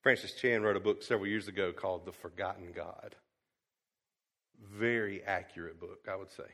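A male pastor preaching a sermon, swinging from quiet to loud and emphatic. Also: low voice, fairly even intonation, moderate pace. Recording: long hall reverb.

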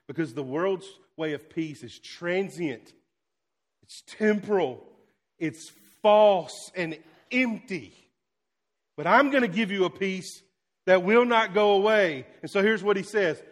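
A male pastor preaching a sermon, swinging between loud exclamations and hushed, quiet lines. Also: sits high, a little slow.

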